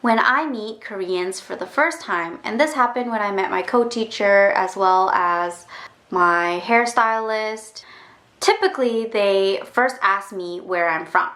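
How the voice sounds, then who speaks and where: A young woman from Canada telling a casual storytime rant to camera, chatty and quick to act out other people's reactions. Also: a bit bright, echoey room. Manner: chatty, acts out quoted reactions in a higher voice. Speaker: vlogger.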